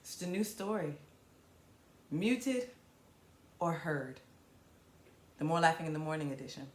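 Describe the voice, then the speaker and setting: A woman comedian from Virginia in her thirties, hosting a casual live stream in a playful, animated way. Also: deep voice, measured pace. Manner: animated, playful, southern-tinged slang with hype-up exclamations. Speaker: comedian and show host. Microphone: camera mic on a live stream. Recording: roomy echo.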